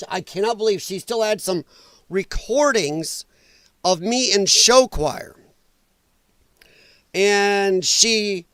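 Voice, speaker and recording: A man hosting a casual reaction livestream, his voice strained and damaged from breathing trouble, blunt and opinionated and quick to swear. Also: high-pitched, a bit bright, no room sound. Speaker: livestream host.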